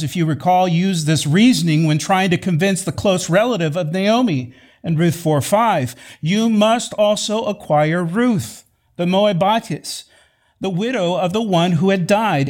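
A man preaching a sermon in a measured, emphatic way, repeating key phrases for weight. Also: a little high, darkish tone. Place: church sanctuary.

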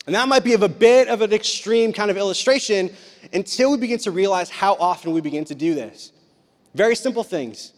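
A young man preaching a casual youth sermon as a youth pastor, chatty and animated, acting out voices as he talks. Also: high voice. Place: church sanctuary. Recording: long reverb of a hall.

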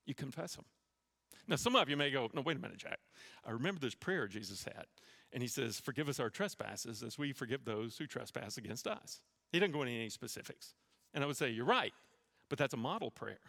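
Conversational pastor preaching in a reverberant hall. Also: male voice, medium pitch, animated, brisk, gravelly, bright, forceful tone. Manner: conversational preaching with asides and humor. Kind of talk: sermon.

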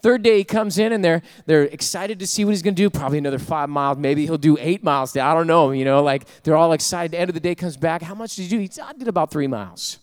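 A male pastor delivers a sermon in a fairly high voice. He mixes folksy storytelling with rising call-and-response preaching. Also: quick pace, hardly any pauses.

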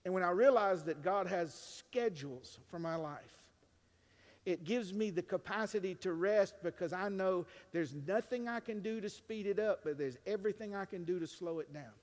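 A male pastor with a high tenor voice delivers a sermon in a church sanctuary at a moderate pace. His dynamic preaching swings from hushed to loud and includes joking asides, and the large church leaves a long reverb tail.

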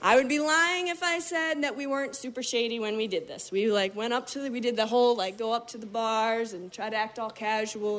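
Live storyteller, woman, animated and vivid, slightly high voice. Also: brisk, few pauses, slight background noise. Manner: animated, vivid, acts out other people's lines.

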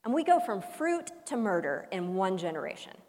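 Her medium-pitched voice moves through big pitch swings as she preaches a sermon in a reverberant hall. The storytelling is funny and punctuated by dramatic pauses, shifting from loud emphasis to quiet hushes, all carried on the long reverb of the space.

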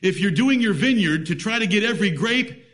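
A man with a fairly high voice preaches a sermon. He speaks emphatically and reads scripture in old-fashioned biblical wording. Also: lively intonation, fairly quick, fairly bright tone.

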